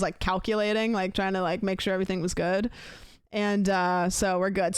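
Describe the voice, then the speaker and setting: Young woman streamer, rambling anecdote style, clean dry voice, mid pitch. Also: clean tone, no echo. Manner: rambling storyteller, acts out both sides of a conversation. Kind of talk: casual chat to stream chat.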